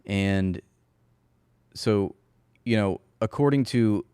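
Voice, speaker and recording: A man hosting his own commentary show, speaking in a sarcastic, mocking tone. His voice sits on the low side and sounds dry and close, with no room around it. He laughs now and then at his own jokes. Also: slow, dark tone, clear, resonant tone, dry recording. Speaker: political commentary host. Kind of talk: casual commentary.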